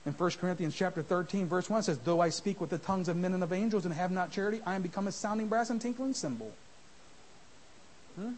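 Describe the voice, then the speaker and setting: A man preaching a sermon in church, rising to shouts and dropping to a hush, mimicking his listeners. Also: high-pitched, fairly quick, a little hiss or hum, poor audio. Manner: swings from shouting to soft, mimics church members. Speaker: visiting preacher.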